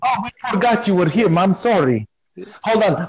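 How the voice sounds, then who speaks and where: A man's voice: high-pitched, lively intonation, moderate pace. A man hosting a podcast in a comic character persona, playfully insisting he has no accent, talking on a phone call.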